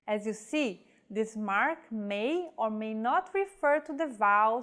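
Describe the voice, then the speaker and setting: Slow, careful female tutor. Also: on the high side, animated, fairly bright tone. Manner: slow, careful enunciation of example words. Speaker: language teacher. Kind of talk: pronunciation lesson.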